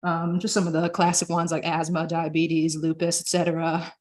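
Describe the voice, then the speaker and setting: A young woman presenting in a relaxed, chatty way, her voice sitting a little low. She fills her talk with likes and ums as she explains. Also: moderate pace. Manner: chatty, frequent filler words. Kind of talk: casual presentation.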